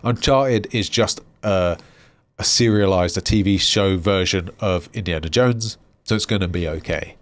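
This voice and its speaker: A man's voice: low voice, normal speed. A man co-hosting a podcast, talking in a casual, ranting way and swearing freely. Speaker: podcast co-host.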